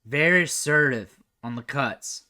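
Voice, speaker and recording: A young man giving casual, chatty commentary over football highlight film, thinking aloud and trailing off quietly at the ends of his sentences. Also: unhurried. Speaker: recruiting analyst host.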